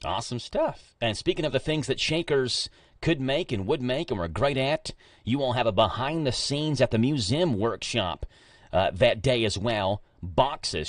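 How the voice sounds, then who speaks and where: Kentucky male host, mid pitch, joking and casual, slightly distant from the mic. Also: dry recording, clean studio sound. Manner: chatty, jokey, stumbles over fancy words. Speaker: radio show host. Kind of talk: casual radio interview.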